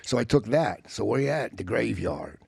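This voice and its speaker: A man with a gravelly, fry-laden voice tells rambling stories as a podcast guest, swearing freely and breaking into sound effects. He restarts his sentences often and keeps a loose, casual chat going. The studio mic is close and dry, with headphones on. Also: lowish voice, expressive, moderate pace, a little mellow, no room sound.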